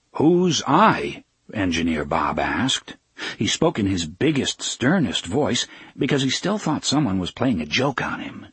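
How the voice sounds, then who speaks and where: A man's voice: lowish voice, husky, dry recording. A man reading a novel aloud as audiobook narrator, expressively voicing each character. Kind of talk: scripted narration.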